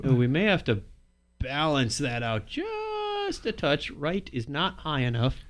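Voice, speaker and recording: A man hosting a podcast, his voice sitting a little high and swinging widely in pitch as he banters. He jokes and laughs easily, and he narrates his own fiddling with the recording setup. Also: wildly swooping pitch. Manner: jokey, quick to laugh, fiddles with recording gear. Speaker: podcast host. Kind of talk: casual banter.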